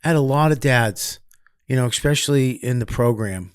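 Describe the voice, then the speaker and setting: A man, a comedian guest on a podcast, telling candid stories in a profane, animated way, swinging between loud bursts and quiet asides. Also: mid-range voice, moderate pace, smooth, no echo, clean studio sound. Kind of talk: candid storytelling.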